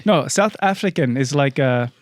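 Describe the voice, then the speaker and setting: A man's voice: mid-range voice, expressive, moderate pace. A man hosting a podcast in casual, rambling chat with guests. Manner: laid-back, rambling, loose. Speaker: podcast host.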